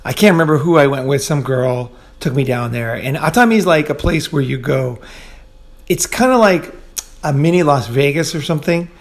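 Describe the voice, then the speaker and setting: A man's voice: fairly high pitch, lively intonation, normal speed. A man hosting a show, telling stories in a loose, rambling way with lots of fillers, casual swearing and laughs at his own tales. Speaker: podcast host. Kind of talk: casual storytelling monologue.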